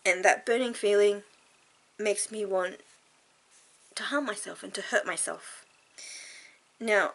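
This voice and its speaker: A tearful woman talking frankly and earnestly to camera in a personal vlog, halting and sighing. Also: mid-range voice, fairly bright tone. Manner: earnest and heartfelt, halting with sighs. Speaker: vlogger.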